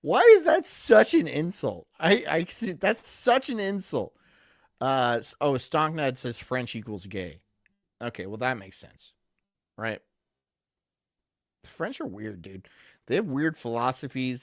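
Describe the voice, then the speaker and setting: A man's voice: medium pitch, no room sound, studio quality. A man streaming casually, reading chat aloud and rambling through jokey asides.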